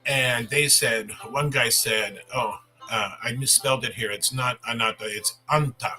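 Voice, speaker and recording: A man's voice: mid-range voice, pushed and bright, low-quality recording. A man in his fifties, a language teacher hosting a casual livestream Q&A, talking in a chatty, rambling way with restarts.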